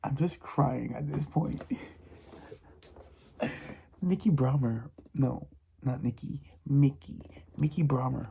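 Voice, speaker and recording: A man's voice: medium pitch, takes it slowly, vocal fry, long pauses, dark tone, slight background noise. A man chatting casually in a reading vlog, emphatic and repetitive, often laughing and sometimes dropping to a whisper. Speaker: book vlogger.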